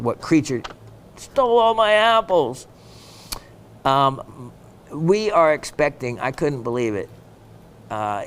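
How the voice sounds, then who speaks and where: A man's voice: mid-range voice, slight background noise. A man hosting a gem shopping show, chatting casually and reading viewer messages aloud, with plenty of ums and uhs.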